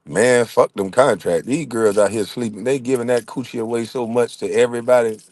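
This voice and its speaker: A man's voice: medium pitch, fairly quick, no room sound. A middle-aged man telling funny, profane stories as he reacts to chat, laughing often. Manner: laughing, profane, animated storyteller. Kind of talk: casual profane storytelling.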